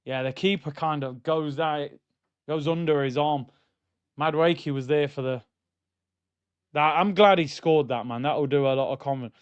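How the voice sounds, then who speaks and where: Male watchalong host, fired-up match banter, a bit high, slightly muffled dry mic. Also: normal speed, clean tone, no room sound. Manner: excitable, banter-heavy, shouts at goals. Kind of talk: live match watchalong commentary.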